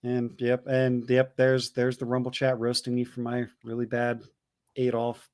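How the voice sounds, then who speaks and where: A man's voice: mid-range voice, monotone, moderate pace, a little mellow, clear, resonant tone, dry recording, clean studio sound. A man co-hosting a casual livestream, reading chat messages aloud with loose jokes and stumbling repeats.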